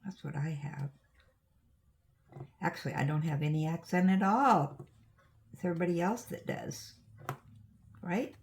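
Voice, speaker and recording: An older woman with an Oregon accent chats while diamond painting for her crafting vlog, rambling through stories and wandering into asides. Her voice is lowish and darkish in tone, unhurried with long pauses, and there's slight background noise.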